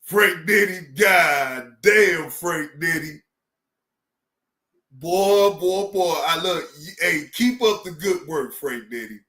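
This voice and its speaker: A man talks slowly and loosely to his stream audience, swearing freely and shouting out viewers by name. His voice is bright and a little high for a man. The room around him rings with echo. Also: animated. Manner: profane, laughing, shouts out viewers. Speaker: streamer reacting to videos. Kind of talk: casual live-stream chat.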